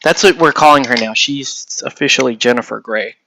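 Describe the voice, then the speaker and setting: A man's voice: mid-range voice, fairly quick, vocal fry, sharp tone, slight background noise. A man from the United States chatting casually with live viewers while painting miniatures, rambling and swearing lightly as he answers the chat.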